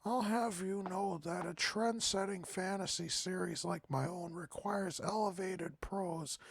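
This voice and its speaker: A man's voice: sits high, vocal fry, breathy edge, no echo, pitched above the performer's own voice, exaggerated voice. A man voicing a shy, anxious female pony author who stammers and uses fancy words, reading game dialogue aloud. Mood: prim.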